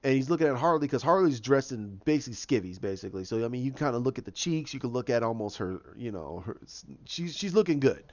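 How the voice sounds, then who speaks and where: Fast and with few pauses, this man's medium-pitched, expressive voice carries his casual opinions as a video host. He keeps restarting, rambles, and performs quotes aloud; the sound is dull and lo-fi.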